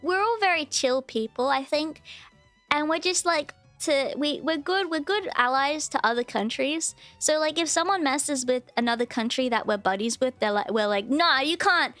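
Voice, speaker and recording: A woman's voice: high-pitched, moderate pace, a bit bright, soft background music. A woman with an Australian accent chatting casually to her livestream viewers in a rambling way that is full of restarts. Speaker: VTuber streamer.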